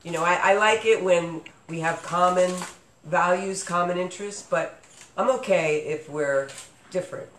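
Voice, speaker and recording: A man's voice: high-pitched, normal speed, fairly bright tone. A man hosting a casual podcast chat, rambling with lots of fillers and restarts. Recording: echoey room with faint noise.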